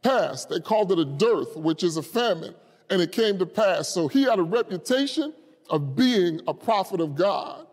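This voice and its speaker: A man preaching a sermon with passion, rising to shouts at the high points. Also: expressive, moderate pace. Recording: long hall reverb.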